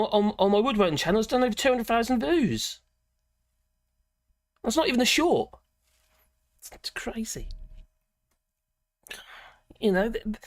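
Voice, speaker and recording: Woman, livestream host, casual rambling chat, very animated pitch, dry sound. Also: no room sound. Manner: rambling, chatty, self-interrupting with frequent laughs. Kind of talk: casual live chat reading viewer comments.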